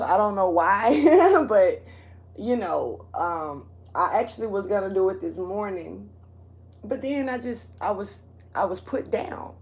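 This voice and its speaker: A woman's voice: mid-range voice, darkish tone. Laid-back rambling woman tarot reader. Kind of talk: casual monthly astrology reading.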